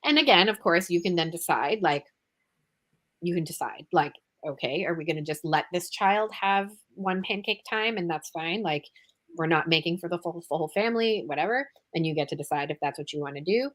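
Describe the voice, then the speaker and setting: Animated woman podcast host. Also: fairly low pitch, moderate pace. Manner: animated, exclaiming, acts out quotes. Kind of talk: casual podcast interview.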